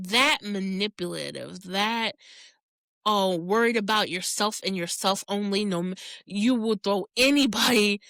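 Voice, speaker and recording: Laughing often and reacting with animation, a female podcast host gives a candid, profane, casual rundown of a TV episode. Her voice is mid-range, captured in a dry, clean studio recording.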